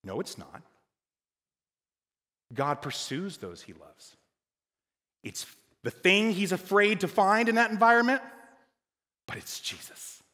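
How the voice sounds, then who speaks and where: A male pastor delivering a sermon, his voice riding high and swooping through a lively pitch range. He pushes hard on key words, then drops to near-hushed asides. The sound carries a long reverb from a church hall. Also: unhurried, long pauses. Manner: dynamic, swings from loud emphasis to quiet.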